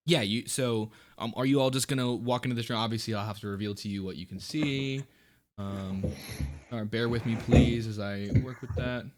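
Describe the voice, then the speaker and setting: A man narrating as dungeon master, halting and full of fillers and restarts. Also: medium pitch, steady tone, darkish tone. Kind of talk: narrating a tabletop game.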